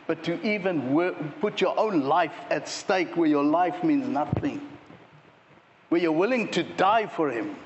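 A male pastor preaching a sermon, animated, at times mimicking sports fans shouting at players. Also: on the high side, a little hiss or hum. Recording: dull sound with long hall reverb.

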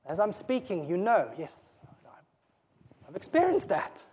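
A man preaching a sermon in a church, earnest and pleading, his voice often dropping low and soft before rising again. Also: huge pitch swings, measured pace, slightly rough, lo-fi sound. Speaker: pastor.

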